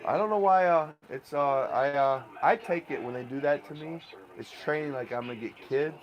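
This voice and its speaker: A young man at home rambling in an agitated rant that keeps getting louder and more heated. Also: a little high, moderate pace, highs cut off. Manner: agitated, repetitive, grows loud and heated. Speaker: vlogger. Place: home, indoors.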